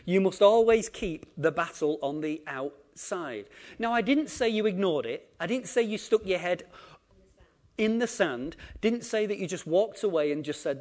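A man preaching a sermon, acting out quotes and swinging between loud emphasis and quiet asides. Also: high-pitched, lively intonation, moderate pace. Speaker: pastor.

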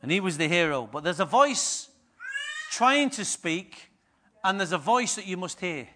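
A man in middle age delivers a sermon to his church with a high, forceful, bright voice. He tells stories in a lively way and acts out the people in them. He swings between quiet, confiding asides and loud, punchy lines. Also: measured pace, a little hiss or hum. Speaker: pastor.

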